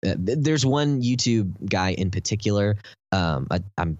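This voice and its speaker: A man with a Texan accent and a very low voice talks through a topic in loose, rambling podcast chat, full of fillers. The sound is dry and close, with a slightly dull, muffled tone. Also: animated, measured pace, no room sound. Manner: rambling, lots of fillers, enthusiastic explaining. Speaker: podcast host.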